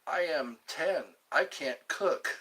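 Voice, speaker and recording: A man's voice: on the high side, takes it slowly, pushed and bright, slightly rough, low-quality recording. A man in his fifties hosting a live stream, reading viewer comments aloud and answering them in a playful, jokey way. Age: 50s. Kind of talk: casual live-stream chat.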